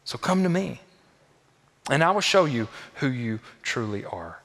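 A male pastor preaching to his congregation in a sermon that builds and falls. He repeats phrases for weight, rising to loud, high peaks and then sinking into soft, low tones. His voice sits at a middling pitch, and a long reverb trails it through the large church hall. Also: sing-song, unhurried, vocal fry.

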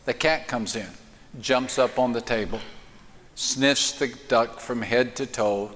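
A man preaching a sermon in a church, telling a joke with voices and then speaking slowly and emphatically. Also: mid-range voice, fairly even intonation, fairly bright tone, slight background noise. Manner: acts out the joke's voices, slow emphatic preaching. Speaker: pastor. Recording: reverberant church hall.

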